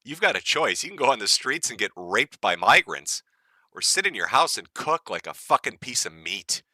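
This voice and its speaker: A man's voice: medium pitch, big pitch swings, normal speed, pushed and bright, no echo, studio quality. American guy ranting on his stream, swears a ton, mocking, voice bounces all over. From United States. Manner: profane, mocking, gleeful ranting with frequent laughs. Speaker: stream host. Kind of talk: ranting live-stream commentary.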